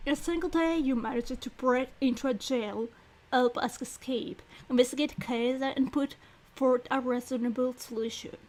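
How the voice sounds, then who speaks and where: A woman voicing a reserved, formal young male commandant who speaks in a measured, polite way. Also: high-pitched, steady tone, a little mellow, voice pushed down, close to an everyday voice.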